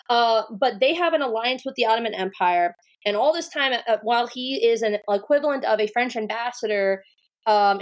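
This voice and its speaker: A woman co-hosting a podcast in casual discussion, rambling and animated, with lots of fillers. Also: mid-range voice. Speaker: podcast co-host.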